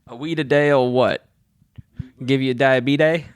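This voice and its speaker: A man co-hosting a comedy podcast, asking halting questions with frequent restarts. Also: mid-range voice, steady tone, smooth, no room sound. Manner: hesitant, restarting questions, easy laughter. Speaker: podcast co-host. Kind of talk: casual comedic chat.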